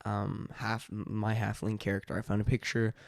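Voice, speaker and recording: Low, gravelly man rambling casually. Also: flat delivery, moderate pace, dry recording, studio quality. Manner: rambling, full of "like" and restarts. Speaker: YouTuber and dungeon master. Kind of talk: casual vlog chat.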